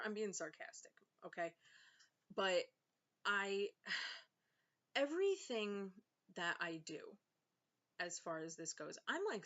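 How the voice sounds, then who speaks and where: A young woman who is a vlogger and author vents from home in a casual vlog, sounding sarcastic and exasperated and using lots of fillers. Her voice is fairly low-pitched with a fairly bright tone, and the lo-fi recording sounds slightly dull.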